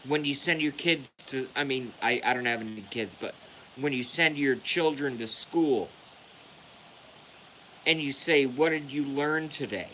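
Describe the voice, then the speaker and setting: Man, angry vlog rant, swearing, slow deliberate delivery. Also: medium pitch, pushed and bright, a little hiss or hum, rough recording. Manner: profane, heated, repetitive. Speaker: vlogger.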